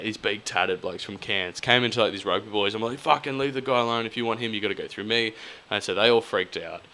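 A young Australian man co-hosting a casual podcast, telling a drunken story with lots of swearing. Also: fairly low pitch. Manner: swears freely, animated storytelling. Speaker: podcast co-host. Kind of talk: casual chat.

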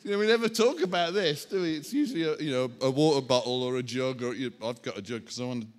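Man preaching, lively and chatty, jokes at his own expense, mid pitch. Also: quick pace. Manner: animated, self-mocking, chatty asides to the congregation. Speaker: pastor. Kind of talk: sermon with props. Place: church hall.

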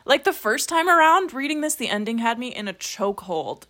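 A woman's voice: a little high, very animated, brisk, a bit bright. Chatty young woman with wry asides. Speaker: podcast co-host. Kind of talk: casual book discussion.

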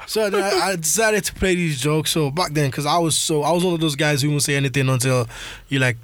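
Young man from Nigeria, tells stories, slightly high voice, dry close recording. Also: quick pace, fairly bright tone, no room sound. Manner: storytelling, acts out quoted voices. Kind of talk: casual podcast chat.

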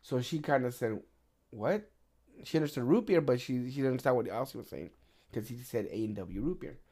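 A middle-aged man hosting a podcast, telling stories in casual chat, swearing often and getting animated. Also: medium pitch, fairly quick. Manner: profane, animated storyteller. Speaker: podcast host.

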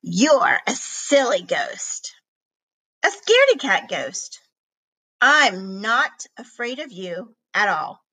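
A woman's voice: mid-range voice, very animated, slow pace, husky, full character voice, rough recording. A woman voicing a bold young boy. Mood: daring. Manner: bold, shouting to take charge. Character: brave excitable young boy.

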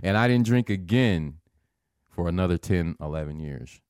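Man, 30s, low-pitched, slow profane storyteller, dry close sound. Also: lively intonation, darkish tone, clear, resonant tone, dry recording. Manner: laid-back, profane, drawn-out storytelling. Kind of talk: casual storytelling chat.

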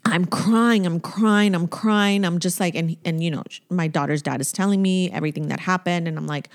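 A woman's voice: on the low side, fairly quick. A woman co-hosting a podcast in casual chat, telling personal stories in an emotional, emphatic way. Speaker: podcast co-host.

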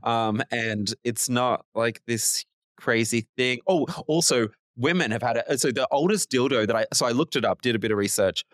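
A man co-hosting a podcast in casual chat, talkative and quick to laugh. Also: mid-range voice, no echo, clean studio sound. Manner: chatty, laughs often. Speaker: podcast co-host.

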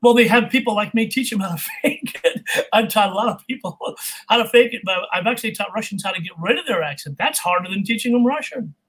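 High, husky-voiced middle-aged man. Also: quick pace, poor audio. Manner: animated, laughs often, imitates people. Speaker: guest, voice and accent coach. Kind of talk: casual interview storytelling.

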